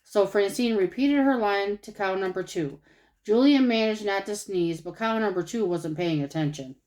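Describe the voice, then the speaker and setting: A woman narrating a children's storybook aloud. Her voice sits at an average pitch, and her reading is expressive and animated. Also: moderate pace, poor audio. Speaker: storybook reader.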